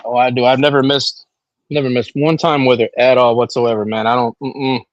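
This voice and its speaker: A man in casual chat, talking loudly and insistently about his own experience. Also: mid-range voice, flat delivery, moderate pace, lo-fi sound, slight background noise. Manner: emphatic, loud and insistent.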